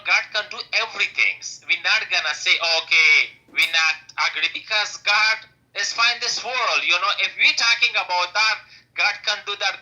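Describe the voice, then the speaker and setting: A man's voice: high-pitched, pushed and bright, low-quality recording. A man who speaks English as a second language, talking in broken English full of fillers as a caller in a heated audio-room argument. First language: not English. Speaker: caller on an audio-app stage.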